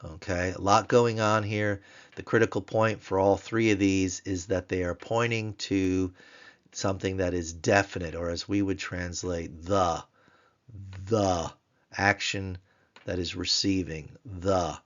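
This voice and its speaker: A man with a very low voice teaches a grammar lesson, spelling words out patiently and repeating them. The recording sounds dull and a little lo-fi. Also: fairly even intonation, a little slow.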